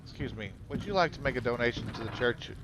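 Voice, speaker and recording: A man's voice: medium pitch, animated, fast talker, background noise. A man casually commenting while streaming a video game, making offhand jokes at the characters. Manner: joking, offhand.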